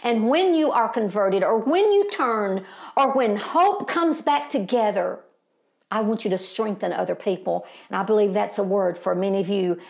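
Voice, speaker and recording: Older woman preacher, gravelly voice, impassioned folksy sermon with emphatic peaks. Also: animated, moderate pace. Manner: impassioned, rising to emphatic peaks then dropping low; homespun and folksy, addresses listeners as beloved and family.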